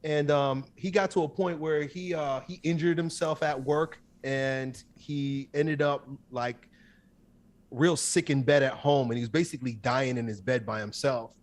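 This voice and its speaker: A man in his thirties, a guest in an interview, telling a personal story in an intense, emphatic way with quick bursts. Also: mid-range voice, steady tone.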